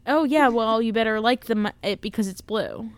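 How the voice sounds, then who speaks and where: A playful young woman co-hosting a podcast, who keeps breaking into bits of songs. Her voice sits a little high. The sound is dry and close. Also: moderate pace, clean tone, no room sound. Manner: playful, sings snatches of songs. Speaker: podcast co-host. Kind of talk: casual chat.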